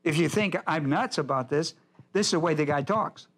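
Male pastor, higher-pitched voice, emphatic Bible-class teacher who repeats his points. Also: normal speed.

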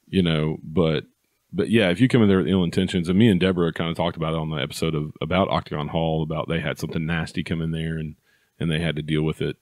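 A man's voice: very deep voice, fairly even intonation, fast talker, darkish tone, dry recording, studio quality. A man hosting a paranormal podcast, chatting casually and agreeably with his guest. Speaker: podcast host. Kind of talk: casual interview chat.

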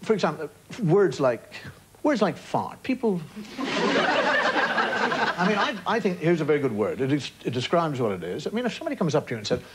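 Irish comedian telling lively anecdotes. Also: male voice, fairly high pitch, moderate pace. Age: 50s. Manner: animated anecdotes with wry asides, acting out punchlines. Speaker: talk show guest. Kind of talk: comic storytelling on a chat show. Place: TV studio before an audience. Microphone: studio broadcast mic. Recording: old TV broadcast with loud hiss and studio audience laughter.

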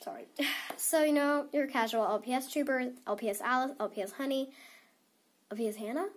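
A woman's voice: high-pitched, fairly quick. Giggly young girl vlogger, stuffy nose. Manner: giggly and rambling, many "like" fillers. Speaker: toy unboxing vlogger. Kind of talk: casual chat to camera.

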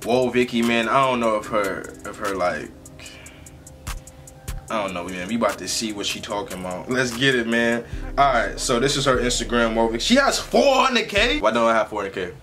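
A young man hosting a casual reaction vlog, talking in a slangy, animated and rambling way. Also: fairly low pitch, fairly quick, soft background music. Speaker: reaction video host.

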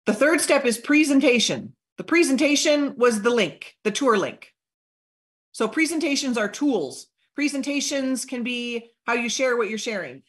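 A woman giving an energetic live training on sales follow-up, acting out short sample conversations in an upbeat voice. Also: fairly high pitch. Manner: energetic, upbeat coaching with acted-out sample dialogue. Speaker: network marketing trainer.

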